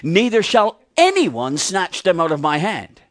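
A man's voice: sits high, huge pitch swings, measured pace. A man preaching a sermon, asking the congregation questions and repeating key phrases for emphasis. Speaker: pastor.

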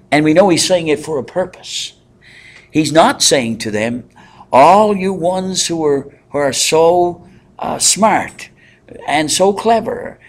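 A man leading a Bible study in a conversational way, pausing with fillers and asking the group questions. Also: mid-range voice. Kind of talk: interactive Bible teaching.

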